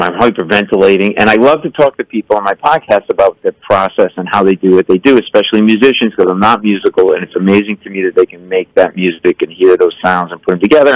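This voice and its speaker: Excitable man telling a comic story. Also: on the low side, no echo, rough recording. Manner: excitable, acts out voices, stammers for effect. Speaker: comedian guest. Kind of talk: animated storytelling.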